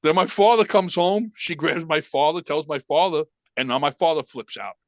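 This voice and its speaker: A man's voice: on the high side, moderate pace, dry recording, muffled recording. A man telling a story on a podcast, acting out the voices of the people in it. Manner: animated storyteller acting out quotes, frequent swearing. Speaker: podcast guest. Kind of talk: casual storytelling.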